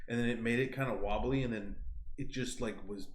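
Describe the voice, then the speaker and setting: A young man telling a long story on a casual podcast, animated and profane, filling his talk with "like.". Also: medium pitch, brisk, slight background noise. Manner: animated, profane, heavy use of "like". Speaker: podcast co-host. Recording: roomy echoey room.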